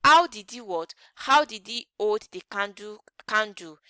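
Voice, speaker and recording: Woman English teacher, bright crisp voice, dry close sound, quizzes the class with "what?" questions. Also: mid-range voice, expressive, dry recording. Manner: asks the class rhetorical "what?" questions and answers them; repeats example sentences slowly. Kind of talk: grammar lesson.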